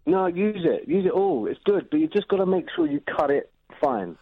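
A man's voice: sits high, lively intonation, normal speed, no echo. A man calling in to a radio show, chatty and earnest as he gives cooking advice. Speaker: caller. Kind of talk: phone-in chat. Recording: tinny phone line.

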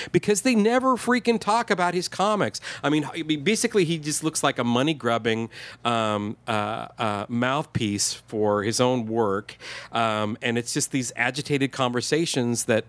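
A man with a mid-range voice and no room sound co-hosts a podcast, chatting casually. He rambles, using lots of fillers and restarts.

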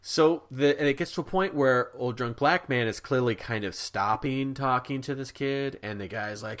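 A man co-hosting a podcast, telling a story in a casual, animated way with many asides. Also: medium pitch, normal speed, hardly any pauses. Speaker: podcast co-host.

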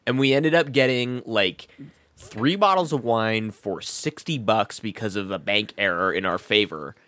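A man's voice: fairly low pitch, measured pace, sharp tone, dry recording. A young man hosting a podcast, telling rambling stories in a crude, joking, casual chat. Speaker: podcast host.

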